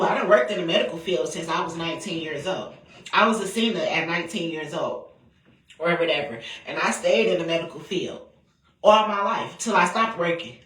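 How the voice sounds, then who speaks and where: A woman's voice: fairly low pitch, a bit bright. A woman, telling a personal story in a candid, profane, rambling way. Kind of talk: casual storytelling. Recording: roomy, distant from the mic.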